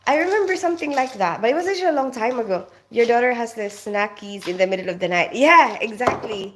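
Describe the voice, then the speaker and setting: A fast-talking, animated woman with a fairly high voice streams live from home in North London, with background noise audible. She grew up in the Philippines, and she reads out comments, names viewers as she greets them and laughs often.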